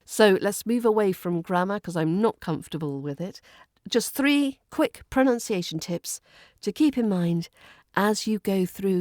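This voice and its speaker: A woman with a Southern English RP accent, hosting a podcast lesson on pronunciation and speaking slowly and clearly as she demonstrates word stress. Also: mid-range voice, a little mellow, no room sound, studio quality. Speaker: accent coach and podcast host.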